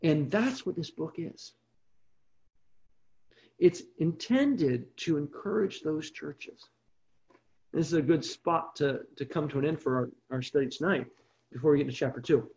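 Bible study leader for an evening online group, mid-range voice, animated storytelling, dull lo-fi stream. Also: medium pitch, a little slow, long pauses. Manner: animated storytelling with frequent check-ins.

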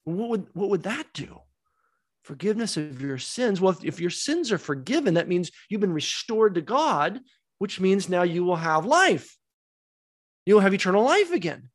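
A man's voice: sits high, big pitch swings, normal speed. A man teaching a Bible study class, emphatic, asking rhetorical questions and repeating key words.

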